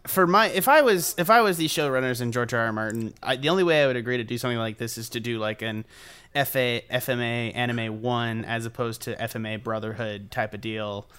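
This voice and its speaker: A man with a smooth, resonant voice talks in a loose, excitable way on a group podcast. He throws in swear words and plenty of filler words as he argues his point. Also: mid-range voice, a little fast. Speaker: podcast panelist. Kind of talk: casual group chat.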